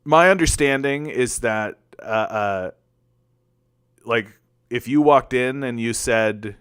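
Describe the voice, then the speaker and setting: A man from Canada hosts a casual political commentary livestream and talks straight to his chat. His voice is smooth and clear, recorded dry and close to the mic. He rambles, restarts his sentences often and leans on filler words. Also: mid-range voice, moderate pace, fairly bright tone, no room sound.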